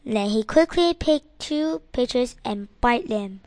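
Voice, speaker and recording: A woman narrating a children's storybook in a slow, careful, clearly enunciated way. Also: a little high, expressive, a little mellow, dry recording. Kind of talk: storybook reading.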